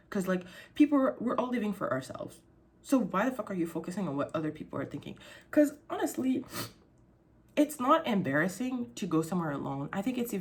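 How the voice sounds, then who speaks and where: A young woman vlogging in a casual monologue, candid and emotional, swearing often and filling with "like". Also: lowish voice. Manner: candid, heavy swearing, frequent fillers; emotional, sensitive. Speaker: YouTuber.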